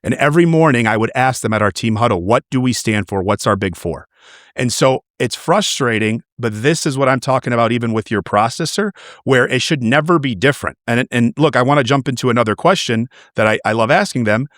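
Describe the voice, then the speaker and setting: Man coaching a loan officer, lively storyteller, stumbles over repeated words, dry close sound. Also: mid-range voice, fairly quick, no echo. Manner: animated storyteller, repeats words when fired up. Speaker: mortgage team coach. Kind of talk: coaching conversation.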